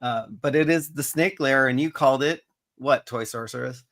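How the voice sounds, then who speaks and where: A man's voice: mid-range voice, moderate pace, fairly bright tone. A man co-hosting a casual chat, upbeat and easygoing, with frequent fillers. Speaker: co-host of toy show.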